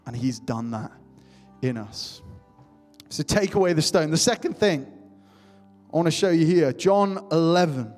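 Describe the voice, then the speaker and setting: A young man preaching with fervor, his somewhat high voice ringing through a church hall with a long reverb. Soft music plays underneath as he repeats his calls to the congregation. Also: animated, a little slow, long pauses. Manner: impassioned, repetitive calls to the congregation. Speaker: pastor. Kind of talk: sermon.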